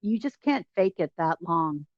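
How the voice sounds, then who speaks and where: A woman journalist hosting a casual interview over a video call, talking in quick, animated bursts of enthusiasm. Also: fairly low pitch, no echo. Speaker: journalist host. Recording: dull, dry lo-fi call audio.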